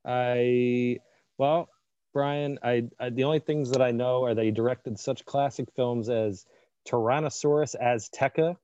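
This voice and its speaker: A man's voice: mid-range voice, fairly even intonation, unhurried, darkish tone, clear, resonant tone, lo-fi sound. A man co-hosting a casual podcast chat, laid-back and rambling with lots of fillers. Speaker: podcast co-host.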